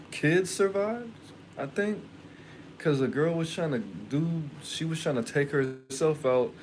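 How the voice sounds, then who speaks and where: A man rambles through a personal story for his live chat, blunt and quick to curse. His voice sits at an ordinary middle pitch, with a faint hiss under it. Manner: animated, profane, rambling and blunt. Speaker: livestream host.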